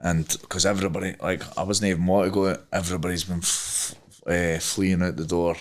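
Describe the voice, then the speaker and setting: Deep-voiced Scottish man swearing freely. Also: level tone, a little fast. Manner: rambling, swears freely, many fillers. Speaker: guest, MMA fighter. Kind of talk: casual storytelling.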